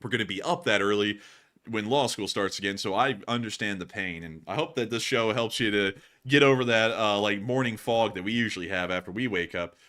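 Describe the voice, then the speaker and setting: Young male streamer, bright and casual, rambling chat to viewers. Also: lowish voice, a little fast. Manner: loose and rambling, laughs easily. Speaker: host of a news livestream.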